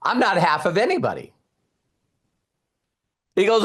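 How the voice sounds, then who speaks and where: Animated high-voiced middle-aged man trainer. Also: unhurried. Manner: animated, emphatic, acts out quoted dialogue; addresses the audience directly with repeated questions. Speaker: network marketing trainer. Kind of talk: motivational seminar talk.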